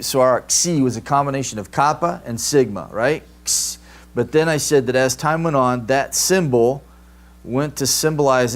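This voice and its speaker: A man teaching a Greek grammar class, explaining patiently and checking in with "right?" often. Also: medium pitch. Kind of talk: classroom lecture. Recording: live stream capture.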